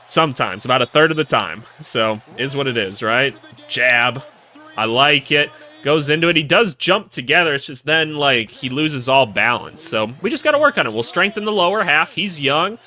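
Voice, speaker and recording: A man calling out basketball clips in a casual, excitable way, joking and cheering plays as he watches. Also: mid-range voice, moderate pace. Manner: excitable, jokey, voices players in asides. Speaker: basketball analyst. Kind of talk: casual video commentary over game clips.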